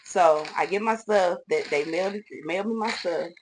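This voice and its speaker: At home doing her makeup, a woman vlogger with a lowish voice talks at normal speed through a casual get-ready-with-me storytime, with a little hiss or hum. She addresses her viewers as "y'all" and acts out the voices of the people in her retold conversations.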